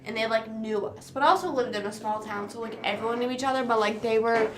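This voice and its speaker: With music playing underneath, this early-twenties livestream host talks fast in a fairly high voice. It's a casual late-night stream where she meanders through filler-heavy stories.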